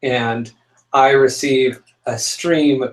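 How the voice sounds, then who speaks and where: A young man co-hosting a casual chat show, telling a story with lively, dramatic outbursts. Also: medium pitch, very slow, rough recording. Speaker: podcast co-host.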